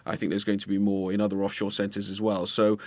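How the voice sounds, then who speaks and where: A man, a journalist, talking in a measured way and often restarting his phrases. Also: fairly low pitch, monotone, no room sound. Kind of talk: casual discussion.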